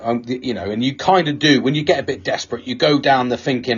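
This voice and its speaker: A man's voice: medium pitch, fast talker, few pauses, breathy edge, highs cut off. A man with a British accent, co-hosting a casual podcast, sweary and laughing often as he tells stories. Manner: sweary, laughs a lot, storytelling. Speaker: podcast co-host. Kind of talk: casual banter.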